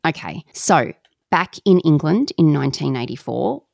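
Woman, low voice with a gravelly fry, dry close sound, lively casual storyteller, slangy, swears now and then. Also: moderate pace, no echo. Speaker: podcast co-host.

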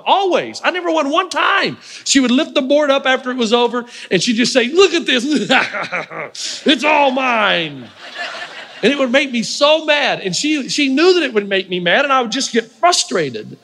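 A man preaching a sermon, telling stories in an animated way, acting out the voices of the people he quotes and often laughing. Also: sits high, long reverb tail, slight background noise. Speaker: pastor. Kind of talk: storytelling sermon.

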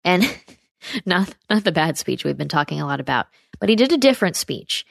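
A woman's voice: on the low side, big pitch swings, normal speed, creaky, no room sound, clean studio sound. An American woman hosting a political commentary show, reading news aloud with sarcastic, chatty asides to her viewers.

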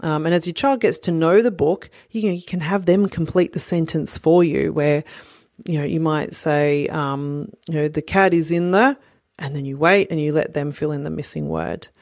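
Low-voiced woman explaining patiently. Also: fairly even intonation, normal speed, darkish tone, dry recording, studio quality. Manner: clear, patient explaining with many fillers. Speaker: parent educator. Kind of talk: instructional talk to parents.

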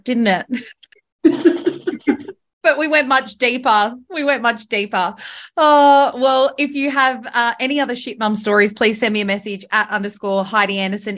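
A woman's voice: mid-range voice, a bit bright. A woman, hosting a podcast in a candid, casual chat full of fillers and the odd swear. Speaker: podcast host.

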